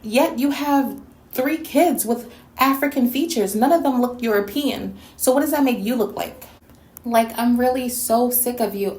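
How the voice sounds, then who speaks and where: Woman from New York City, sassy response-video host, blunt and scolding, slightly high voice, echoey room. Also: a little slow, darkish tone. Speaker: YouTube reactor and host.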